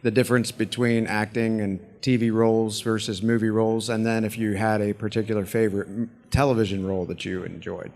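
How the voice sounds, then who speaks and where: A man's voice: lowish voice, flat delivery, brisk, few pauses, darkish tone. A fan at a convention panel, a man asking a question in a polite, courteous way.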